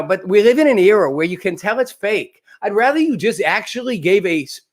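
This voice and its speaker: A man hosting a live political commentary show, talking casually and animatedly, often restarting with repeated words. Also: a little high. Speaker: host.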